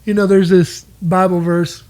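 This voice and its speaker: A man's voice: high-pitched, level tone, moderate pace, a little mellow. A man co-hosting a marriage podcast, talking earnestly and candidly, owning up to his own faults. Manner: earnest, self-critical, quotes people in acted voices. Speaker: podcast co-host.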